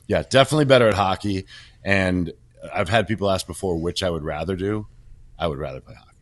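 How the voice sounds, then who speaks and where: Really deep-voiced guy chatting on a podcast, rambly and self-mocking. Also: a little fast. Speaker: podcast co-host, former pro bodybuilder. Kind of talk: casual chat.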